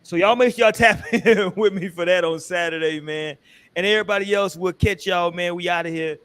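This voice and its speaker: A laid-back male podcast host closing out the episode with shout-outs. His voice sits a bit high, and his talk is loose and slangy. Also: a little fast, clean tone, no echo. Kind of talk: casual chat, show sign-off.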